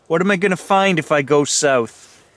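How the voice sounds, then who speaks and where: A man's voice: on the high side, normal speed, no room sound. A man vlogging alone outdoors at night, talking nervously and thinking aloud to his viewers. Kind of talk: ghost-hunting vlog, talking to viewers.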